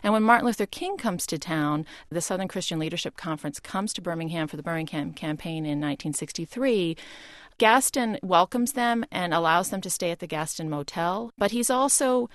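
Low-voiced woman historian telling a story. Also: fairly quick, dry recording, studio quality. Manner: explanatory storytelling, animated in places. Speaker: historian guest. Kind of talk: broadcast interview.

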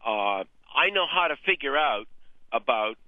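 A man's voice: mid-range voice, animated, unhurried, dry recording. A man from the US West Coast calling in to a radio show, explaining his problem hesitantly with many fillers. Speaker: caller. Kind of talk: call-in radio chat. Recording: tinny phone line.

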